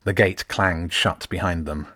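A male narrator reads a fantasy audiobook in a measured, descriptive way. His voice sits fairly low, and the recording is close and dry. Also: steady tone, sharp tone, breathy edge, no echo.

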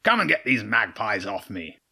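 A huge old badger king, as a man puts him on, gruff and brash, roaring taunts and challenges. The voice is rougher and pushed higher than the reader's usual low tone, with a fierce, fighting swagger fit for a storybook. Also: wildly swooping pitch, normal speed, sharp tone, full character voice. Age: older.

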